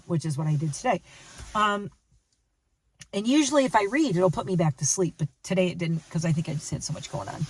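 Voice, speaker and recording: On a rainy day, moving between outdoors and her car, a weary woman talks to the camera in a chatty, rambling vlog, often correcting herself. Her voice is lowish, recorded from a distance, and the quality is low.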